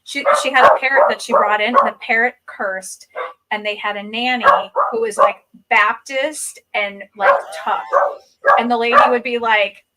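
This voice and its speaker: A woman hosting a casual chat, laughing often and telling stories in a lively way. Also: a little high, normal speed, very noisy. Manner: chatty, laughs a lot, lively storytelling. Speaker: host.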